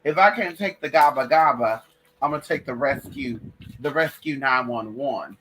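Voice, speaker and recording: A woman's voice: very deep voice, moderate pace, fairly bright tone, a little hiss or hum. A woman hosting a late-night livestream in casual, profane chat, calling her listeners girl and y'all. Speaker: livestream host.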